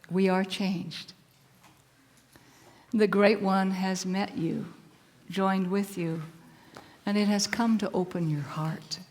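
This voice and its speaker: A woman telling a story in a soft, hushed voice that often drops to a whisper, with a repeating, rhythmic cadence. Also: medium pitch, in a large hall. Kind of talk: slow spoken-word storytelling.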